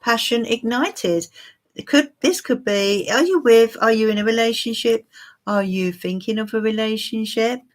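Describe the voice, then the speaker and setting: A woman's voice: fairly high pitch, moderate pace. A woman giving a live-stream tarot reading for viewers, musing and hesitant with many fillers. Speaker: tarot reader.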